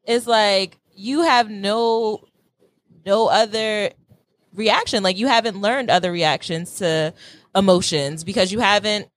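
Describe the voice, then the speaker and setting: A woman's voice: medium pitch, unhurried. A woman in a casual group conversation, telling candid stories that poke fun at herself. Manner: candid, self-mocking storyteller.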